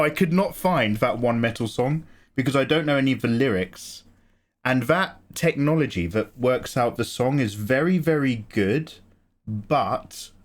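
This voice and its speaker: A tired man with a chatty, laughing way of talking, answering his live stream chat from a small home studio. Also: mid-range voice.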